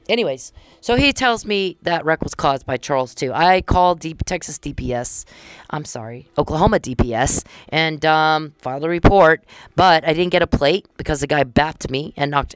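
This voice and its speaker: On her podcast, a middle-aged woman with a low voice retells events in a chatty, indignant way, quoting the dialogue from conversations she had. No room sound is audible.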